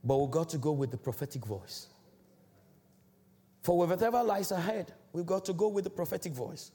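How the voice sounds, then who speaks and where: In a large church, an African man serving as an elder preaches a sermon in a warm voice at normal speed. His delivery is emphatic and declamatory, with big swells in pitch.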